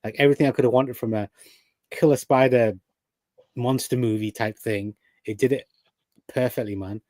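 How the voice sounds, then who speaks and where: A man's voice: mid-range voice, steady tone, moderate pace, darkish tone, no echo. A man co-hosting a casual chat, enthusiastic and throwing in "man" a lot. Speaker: podcast co-host.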